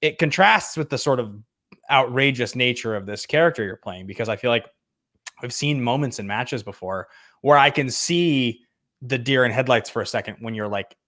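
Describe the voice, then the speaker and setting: Male podcast host, earnest and reflective, average-pitched voice. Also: normal speed, fairly bright tone. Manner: earnest, thoughtful, repeats words while thinking. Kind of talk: casual interview chat.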